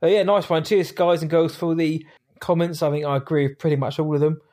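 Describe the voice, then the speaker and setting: A British man co-hosting a casual podcast chat, rambling and quick to laugh. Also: on the high side, steady tone, darkish tone. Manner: rambling, chatty, laughs easily. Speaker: podcast co-host.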